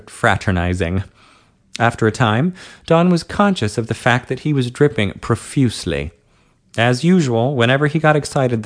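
A man reading an adult story aloud at a steady, unhurried pace. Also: mid-range voice. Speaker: narrator.

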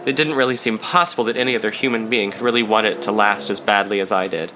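Male audiobook narrator, steady and measured, clear bright voice with faint background noise. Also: lowish voice. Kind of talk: first-person fiction reading.

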